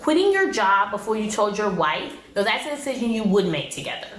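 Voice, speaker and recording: A woman's voice: mid-range voice, sing-song, brisk, fairly bright tone. A young woman giving casual reality TV recap commentary, blunt, slangy and exasperated. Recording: roomy echo.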